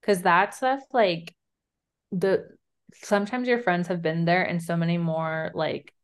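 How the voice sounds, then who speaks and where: A woman's voice: lowish voice, fairly even intonation, measured pace, clean tone. A woman co-hosting a podcast in casual chat, talkative, swearing freely and laughing often. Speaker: podcast co-host. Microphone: remote call recording.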